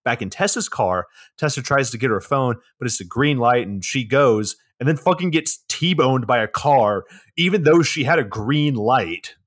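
A man's voice: mid-range voice, lively intonation, moderate pace, few pauses, no echo, studio quality. Laid-back man recapping a movie. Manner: laid-back, profane recapping with mocking quotes. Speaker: podcast co-host. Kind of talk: casual movie recap podcast.

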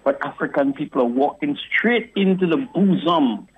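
A man calls in to a radio show, pressing his point with fervor and returning to the host's name again and again. His voice sits a little high, and it comes through a thin, narrow telephone line. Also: lively intonation, moderate pace, breathy edge. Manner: impassioned, repetitive, keeps addressing the host by name. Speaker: caller. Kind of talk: call-in radio rant. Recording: phone-line caller audio.

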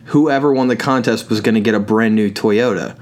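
A man's voice: lowish voice, brisk. A tired man co-hosting a podcast, joking and rambling as he reads listener comments. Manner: joking, rambling, laughs often. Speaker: podcast co-host. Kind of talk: casual chat reading listener comments.

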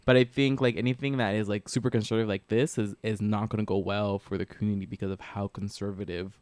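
A fairly low-voiced man chatting casually on a podcast, hesitant and noncommittal. His voice is smooth and clear, and the recording is dry and close. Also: steady tone, quick pace, a little mellow, dry recording. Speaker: podcast co-host. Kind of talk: casual chat.

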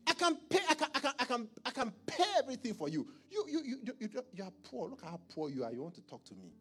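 A man voicing an arrogant rich man who sneers at the poor, shouting and sputtering over his own words. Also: big pitch swings, quick pace, husky, heavily acted. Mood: haughty. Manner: shrill, shouting, sputtering and repeating himself.

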